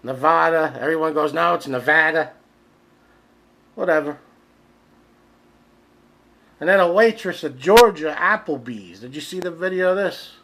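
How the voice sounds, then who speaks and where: Bright-voiced ranting comedian, a man. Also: a little high, animated, normal speed, long pauses, low-quality recording. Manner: incredulous, ranting, profane; acts out the people in his stories, rising to shouts. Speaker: podcast host. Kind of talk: comedic rant.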